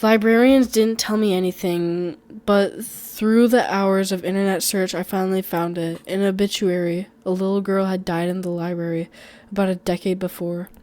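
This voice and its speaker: A woman's voice: medium pitch, fairly even intonation, normal speed, few pauses, darkish tone, no room sound. Female storytime narrator, first-person horror, conversational read with occasional stumbles. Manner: conversational reading with small slips and restarts.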